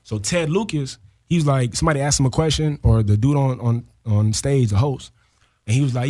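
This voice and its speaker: Man, rapid animated storytelling, slangy interview guest. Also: mid-range voice. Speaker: rapper guest.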